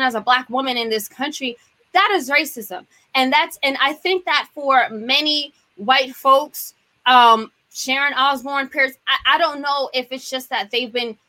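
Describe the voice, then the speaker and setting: A woman speaking as a panel guest, animated and emphatic as she makes her points. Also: high voice. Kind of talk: casual panel discussion.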